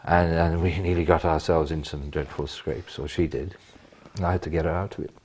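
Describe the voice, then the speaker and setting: An older man, a retired police officer, telling animated stories in an interview with bursts of emphasis. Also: a bass voice, a little fast, husky. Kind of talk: anecdotal interview.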